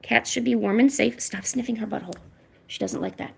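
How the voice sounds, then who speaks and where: A woman hosting a livestream, chatting casually and coaxing her cats with high, sing-song pet talk at home. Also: a little fast, vocal fry. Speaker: livestream host. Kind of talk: casual chat to her cats during a stream. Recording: echoey room with faint hiss.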